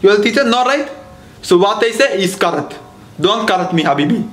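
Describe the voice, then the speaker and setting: A man's voice: high-pitched, lively intonation, fairly bright tone, echoey room, soft background music. A man playing a bossy male English teacher with an Arabic accent in a comedy sketch, who insists he is right and scolds his students. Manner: insistent, scolding, spells words out slowly.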